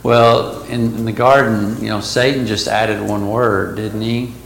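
A Bible study teacher speaks slowly in an echoey room where faint background noise can be heard. His voice is on the low side, fairly even in intonation, with vocal fry. He leads a casual class, reading verses out and stopping to explain them.

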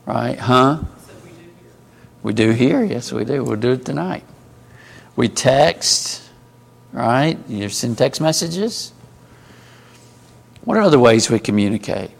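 A man's voice: medium pitch, expressive, slow pace, vocal fry, long pauses. A man teaching a group Bible class in a conversational way, asking the group questions as he goes.

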